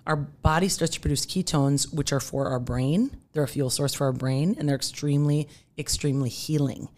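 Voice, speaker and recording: A woman's voice: deep voice, normal speed. A middle-aged woman, a nutrition therapist, explaining energetically as a podcast guest. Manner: energetic, explanatory, acts out the body's voice in quotes. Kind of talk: podcast interview.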